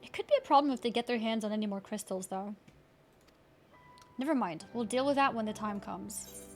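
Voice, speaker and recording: A woman livestreamer plays a game while chatting casually, thanking her viewers and giggling, with game music running underneath. Her voice is mid-range and fairly quick.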